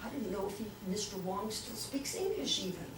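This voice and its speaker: An older woman giving a lively storytelling talk to a club, acting out the voices she quotes. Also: medium pitch, normal speed, noisy background. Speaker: guest speaker. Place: club meeting room. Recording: echoey room, mic from far off.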